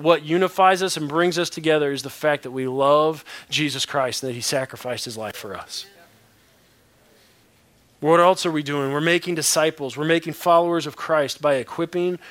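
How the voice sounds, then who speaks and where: Brief: male preacher, slightly high voice, bright and forceful, punchy repetitions, jokey asides. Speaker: pastor. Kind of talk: sermon.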